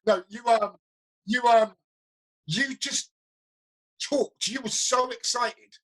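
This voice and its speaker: A man's voice: very high voice, slow pace, breathy edge, rough recording. A middle-aged man, telling stories in a casual chat and acting out what people said, often repeating his words. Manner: lively storyteller, acts out quotes, repeats himself. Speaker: interviewer, DJ. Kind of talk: casual conversation.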